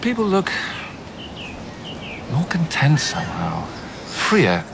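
An actor playing a middle-aged gentleman with a soft, wistful, reflective manner. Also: fairly high pitch, huge pitch swings, slow pace, gravelly, background noise, exaggerated voice. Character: Peter Walsh, middle-aged gentleman, old suitor.

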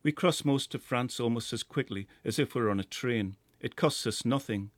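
A middle-aged man with a Geordie accent, reading a first-person story in a measured, lyrical way. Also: medium pitch, no echo. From North East England. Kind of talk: scripted first-person narration.

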